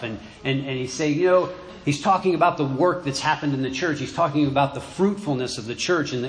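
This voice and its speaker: A man preaching a sermon in church, halting and repeating words as he goes. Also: on the high side. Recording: echoey room.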